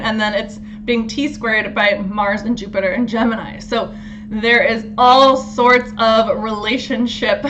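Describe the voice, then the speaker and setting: A woman hosting a casual astrology talk, animated, laughing often and swearing freely. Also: a little high, slight background noise. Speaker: astrology host.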